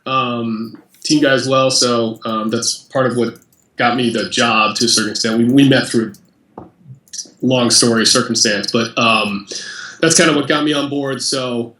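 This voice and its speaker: A man being interviewed on a podcast, speaking in a relaxed, conversational way with fillers. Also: medium pitch, normal speed, roomy sound. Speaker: interview guest, company president. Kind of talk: casual interview chat.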